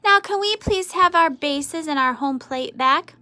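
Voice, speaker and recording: A woman voicing a blunt, excitable young boy player in a read-aloud storybook. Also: high voice, measured pace, dry recording, voice pushed up.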